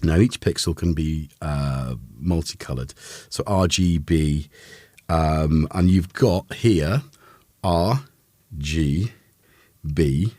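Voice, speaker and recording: A man's voice: extremely low pitch, takes it slowly, darkish tone, no room sound, studio quality. A man hosting a casual live synth demo, rambling with lots of fillers and self-corrections. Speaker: host of a synth livestream.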